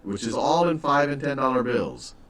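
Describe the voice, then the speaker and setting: A smug, money-counting bridge troll who sounds generous while he sets his terms, acted by a man. The voice climbs higher than plain talk and swings widely in pitch. It comes across as a playful storybook turn inside a recorded math lesson. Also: sing-song, normal speed, a bit bright, distant mic.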